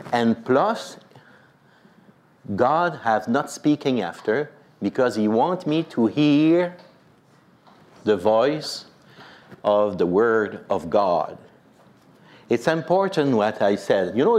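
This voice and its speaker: Slow-talking man. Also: mid-range voice. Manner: animated, repeats "you know". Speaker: priest. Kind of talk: personal storytelling.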